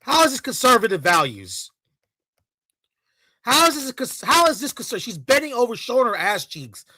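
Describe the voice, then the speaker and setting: A man's voice: very high voice, wildly swooping pitch, normal speed, sharp tone, no echo, low-quality recording. A man ranting in a heated, profane reaction commentary, full of mocking and sarcastic asides.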